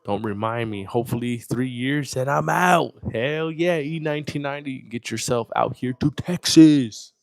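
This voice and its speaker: A man's voice: mid-range voice, normal speed, vocal fry, few pauses. A man from New York hosting a casual livestream, chatting loosely and profanely while reading out viewer comments. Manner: loose and profane, reads chat aloud. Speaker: livestream host. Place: home in Texas.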